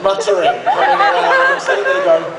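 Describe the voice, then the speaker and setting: A man's voice: high-pitched, huge pitch swings, quick pace, heavy background noise. A male actor on a convention panel, telling a self-mocking story. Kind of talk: anecdote told to an audience. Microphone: phone recording from the audience. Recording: echoey hall from far off, faint crowd.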